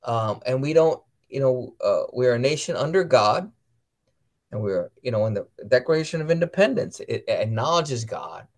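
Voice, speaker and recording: A man with a lively, up-and-down voice chats casually about faith and family. He tells stories, acts out the people in them, and reads passages aloud. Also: medium pitch, moderate pace. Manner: storytelling, acts out quoted voices. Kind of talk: casual religious chat.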